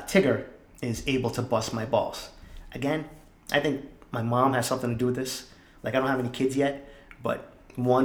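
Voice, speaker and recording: A young man, hosting a podcast and telling stories in an animated, profane, jokey way. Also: medium pitch, roomy sound. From Boston area. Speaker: podcast host. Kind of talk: casual storytelling monologue.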